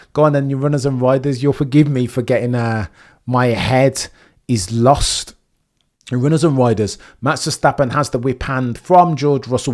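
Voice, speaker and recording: A man calling a live race stream as a fan, jumping from calm updates to loud pleading shouts. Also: medium pitch. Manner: swings from calm reading of gaps to loud shouting; fan-like, pleading with drivers, chatty with viewers.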